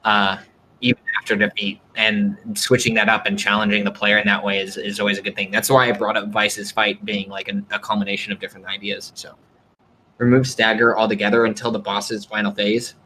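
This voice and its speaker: A man hosting a casual gaming chat, talking in an animated, rambling way with lots of fillers. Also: lowish voice, a little fast, slight background noise, poor audio. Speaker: podcast host.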